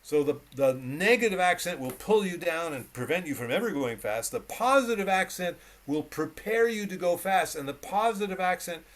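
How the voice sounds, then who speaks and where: A man's voice: high-pitched, expressive, moderate pace, few pauses, fairly bright tone. A man teaching piano on a video call, coaching a student emphatically and repeating short cues as he demonstrates. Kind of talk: one-on-one instruction. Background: piano playing.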